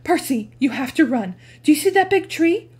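A woman's voice: sits high, animated, normal speed, darkish tone, voice pushed up. A woman reading aloud, voicing a frightened mother urging her son to run. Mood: urgent. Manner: pleading, urgent.

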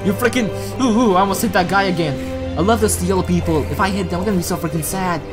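A woman giving casual let's-play commentary at her computer, excitable and chatty, often chatting to objects in the game. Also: fairly low pitch, fast talker, music in the background. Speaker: gaming channel host.

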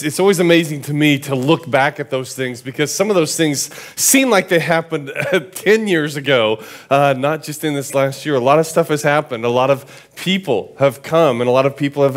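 A man preaching in a relaxed, conversational way, with a fairly high voice. He talks to the congregation loosely and often restarts his sentences as he goes. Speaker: pastor. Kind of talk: sermon.

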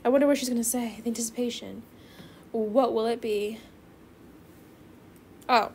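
Bubbly high-voiced young girl gamer. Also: moderate pace, slight background noise. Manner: bubbly, excitable, chatty; calls viewers bestie. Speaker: gaming video creator. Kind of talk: casual gameplay commentary.

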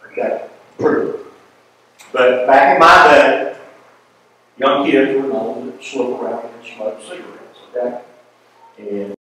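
A man teaching a Bible class in a folksy, animated way, often asking the class questions. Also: on the high side, reverberant, poor audio.

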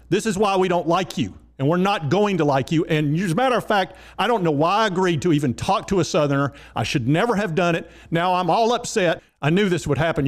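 A man's voice: high-pitched, natural voice. A man voicing a condescending male sensitivity trainer who lectures and takes offense easily. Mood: indignant.

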